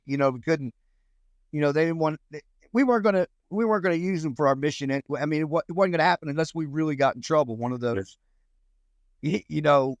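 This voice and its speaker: A man's voice: on the high side, dry recording. A man, telling a long, rambling story as an interview guest, restarting sentences and acting out quotes. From United States. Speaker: guest, former Army Ranger.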